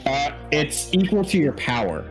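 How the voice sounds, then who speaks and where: Halting man running a horror game. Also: on the high side, big pitch swings, over music. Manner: halting, stammering restarts. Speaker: game master. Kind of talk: narrating a tabletop horror game.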